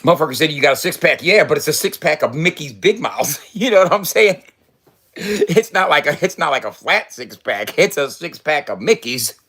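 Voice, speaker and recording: A man's voice: on the high side, big pitch swings, moderate pace, a bit bright, husky. A man in his fifties talking casually in a loose, profane, boastful way and laughing often. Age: 50s. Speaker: vlogger. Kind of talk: casual rambling vlog.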